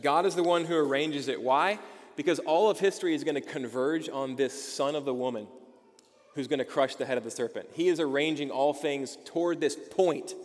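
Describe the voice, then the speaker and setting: A man's voice: fairly high pitch, fairly quick. Emphatic male pastor in a reverberant hall. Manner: emphatic, asks the congregation rhetorical questions, frequent "okay?". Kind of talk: sermon.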